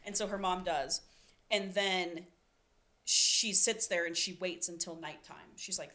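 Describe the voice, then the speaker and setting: Woman co-host with a bright, forward voice; lively, irreverent storyteller who swears casually. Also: lowish voice, measured pace. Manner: animated storyteller, acts out quotes, swears casually. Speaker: podcast co-host. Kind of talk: casual chat retelling a novel's plot.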